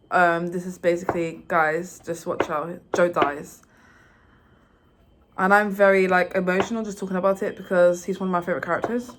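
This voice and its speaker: A young woman giving a rambling, excitable recap of a video game's story, full of fillers and restarts. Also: lowish voice, noisy background. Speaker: vlogger. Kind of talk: casual game recap.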